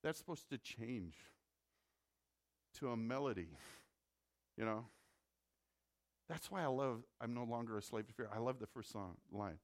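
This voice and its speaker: A man's voice: mid-range voice, lively intonation, unhurried, pauses often. A man from the Midwest preaching a sermon as a pastor, in a conversational way that repeats words when he presses a point.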